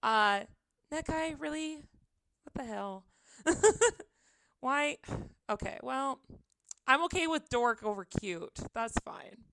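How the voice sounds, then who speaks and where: A woman's voice: sits high, lively intonation, slow pace, sharp tone. A young woman chatting casually on her live stream from her apartment, giggling often, her voice a little tired, into a desk microphone.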